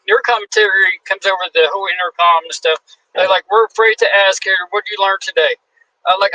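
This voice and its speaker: A man in his forties, a guest wrestler, telling a story in a casual, animated way, acting out the quotes and swearing freely. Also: high-pitched, low-quality recording. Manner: animated, acts out quotes in shifting voices.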